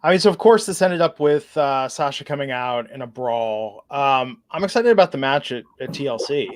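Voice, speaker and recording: A man's voice: mid-range voice, expressive, normal speed. A man hosting a podcast, chatting casually about wrestling and reading out listener comments, with plenty of fillers. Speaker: podcast host. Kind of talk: casual wrestling review chat.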